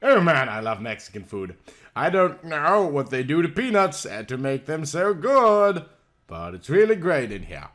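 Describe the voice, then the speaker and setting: A man's voice: a little high, big pitch swings, normal speed, fairly bright tone. A man voicing a giddy, gushing young woman on a date.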